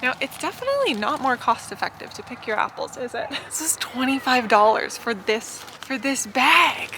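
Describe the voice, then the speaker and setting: A woman from Canada talks to her camera in a relaxed, giggly way, her voice sitting a little high. Faint background noise runs under her voice as she films. She keeps an easy, chatty pace. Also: moderate pace. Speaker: vlogger. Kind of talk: casual vlog chat. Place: in a car and outdoors at an orchard.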